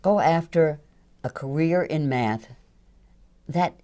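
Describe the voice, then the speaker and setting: A woman's voice: low-pitched, slow, dark tone. An older woman, a voice actress, chatting as an interview guest, laughing easily and poking fun at herself. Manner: chatty, laughs often, self-deprecating. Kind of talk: casual interview chat.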